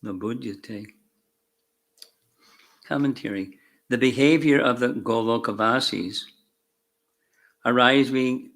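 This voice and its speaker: Man, spiritual teacher, scripture reading with commentary, unhurried, fervent emphasis. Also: mid-range voice, gravelly, fairly bright tone. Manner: slow, measured reading with fervent emphasis on key words. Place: temple class room.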